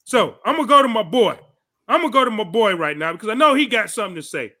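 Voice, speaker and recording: A man hosting a podcast, giving heated, profane political commentary and shouting angrily. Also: high voice, big pitch swings, fast. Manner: angry, shouting, profane ranting. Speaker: podcast host.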